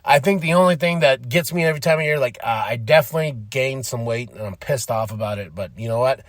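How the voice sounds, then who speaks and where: A man's voice: medium pitch, fast talker, no echo, studio quality. A man hosting a podcast, giving rambling, enthusiastic fan commentary and often laughing. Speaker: podcast host. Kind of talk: casual commentary.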